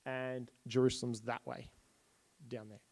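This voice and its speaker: A man teaching Bible history to a church group, with a voice of middling pitch. He talks casually and retells the old stories in plain everyday language while pointing things out on slides. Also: level tone, unhurried, vocal fry, a little mellow.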